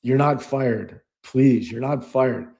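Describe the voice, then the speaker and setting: A middle-aged man co-hosting a podcast, telling anecdotes in a lively way and acting out the voices of the people in them. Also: medium pitch, slow pace. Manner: animated storyteller, acts out quoted voices, laughs often. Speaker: podcast co-host. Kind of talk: storytelling in casual chat.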